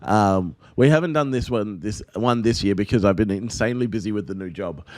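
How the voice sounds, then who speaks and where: A man, hosting a casual podcast chat and telling family stories with lots of laughter. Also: fairly quick. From Australia. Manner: animated storyteller, laughs often, mimics his son in a high voice. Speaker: podcast host.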